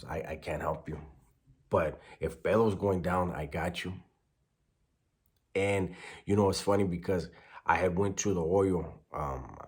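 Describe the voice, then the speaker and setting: Low-voiced guy, ex-con, talking easy street slang with spanish words mixed in. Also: a little mellow. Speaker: former prisoner telling a story. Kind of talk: casual storytelling.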